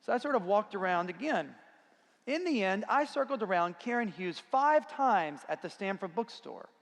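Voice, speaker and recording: A man with a slightly higher voice and a gravelly edge tells a self-deprecating story to a conference audience. His voice carries a long reverb from a large hall. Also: expressive, moderate pace, fairly bright tone. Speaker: conference speaker. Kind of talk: storytelling talk.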